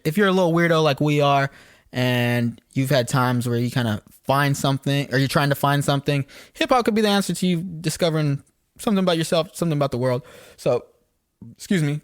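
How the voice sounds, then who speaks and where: A young man with a medium-pitched voice co-hosts a podcast, telling casual stories animatedly and swearing a lot. The recording is dry, with clean studio sound.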